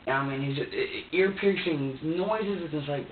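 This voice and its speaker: A man being questioned by police, recounting events in a halting, repetitive way with many fillers and restarts. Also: a little high, recorded from a distance, a little hiss or hum. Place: sheriff's interview room. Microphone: distant room recorder. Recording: tinny lo-fi, echoey room, off-mic.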